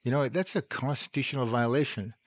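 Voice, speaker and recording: A middle-aged man talking casually, telling a personal story in a rambling, animated way with frequent laughs. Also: medium pitch, fairly quick, dry recording. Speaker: host. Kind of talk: casual monologue.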